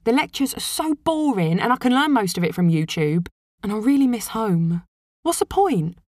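A woman's voice: big pitch swings, a little mellow, no echo, studio quality. A woman doing a whiny uni student. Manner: whiny, fast, higher-pitched.

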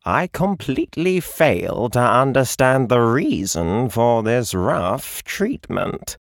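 A man's voice: mid-range voice, very animated, takes it slowly, creaky, no echo, studio quality, voice pushed up, full character voice. A man doing a pompous talking tomcat. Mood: offended. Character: haughty talking male cat, pompous and unhurried.

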